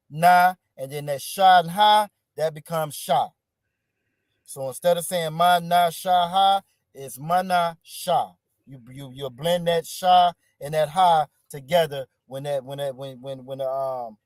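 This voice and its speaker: A man's voice: fairly high pitch, moderate pace, darkish tone, dry recording, studio quality. A man teaching an online class over a video call, encouraging his students and often repeating words.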